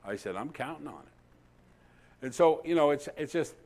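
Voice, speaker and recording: Animated man preaching through a story. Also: on the high side. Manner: animated storyteller acting out dialogue, dramatic pauses. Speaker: pastor. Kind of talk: sermon with storytelling.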